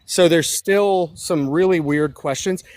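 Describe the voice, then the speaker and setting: Man, slightly high voice, out of breath, walking outdoors, sarcastic chat, dry close sound. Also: a little slow, a little mellow, dry recording. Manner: sarcastic, joking, loose. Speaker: co-host. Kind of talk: casual political commentary chat.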